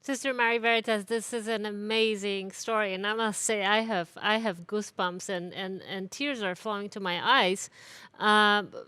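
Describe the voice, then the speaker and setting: A woman's voice: medium pitch, fairly even intonation, normal speed, pushed and bright, clean tone, dry recording. A woman with a Polish accent interviewing a guest, careful and hesitant with many fillers. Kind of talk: interview questions.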